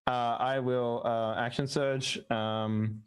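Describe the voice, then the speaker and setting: A man's voice: mid-range voice, little pitch movement, takes it slowly, smooth. A man playing a tabletop game, hesitant and full of restarts, laughing easily. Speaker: player. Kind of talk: casual tabletop play.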